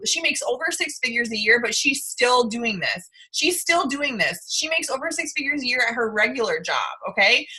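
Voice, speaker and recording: A woman's voice: fairly high pitch, bright, forceful tone, breathy edge, low-quality recording. A tearful woman leading her sales team call, gushing and effusive with lots of "like" and "you guys". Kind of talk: gushing motivational talk.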